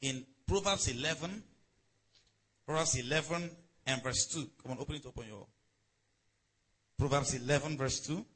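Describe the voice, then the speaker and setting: A man's voice: mid-range voice, normal speed, long pauses, fairly bright tone, slightly rough, rough recording. A man preaching a sermon in a conversational way, calling on the congregation to respond. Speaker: pastor.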